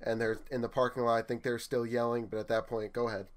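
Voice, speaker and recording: Animated young man telling work stories. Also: medium pitch, fast talker. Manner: animated storyteller, acts out quotes. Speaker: retail store manager telling work stories. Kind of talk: casual podcast chat.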